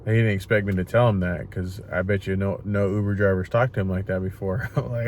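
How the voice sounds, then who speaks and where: Young guy, low voice, tired but animated, swearing while he tells stories from his car; slight background hiss. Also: a little fast, few pauses. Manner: animated retelling, swears freely, acts out quotes. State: tired after work. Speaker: rideshare driver and vlogger. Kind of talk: casual vlog storytelling. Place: inside a parked car.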